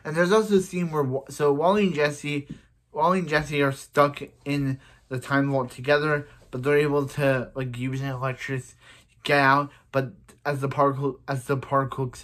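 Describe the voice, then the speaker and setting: A man's voice: medium pitch, fairly even intonation, normal speed, a bit bright. Man, casual episode recap, rambling, repetitive, many restarts. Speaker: episode reviewer.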